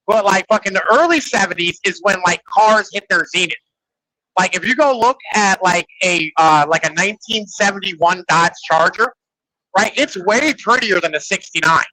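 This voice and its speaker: A man's voice: high voice, moderate pace, sharp tone, dry recording, poor audio. A man in casual podcast chat, rambling and profane, leaning on "like" and "right?". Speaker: podcast host.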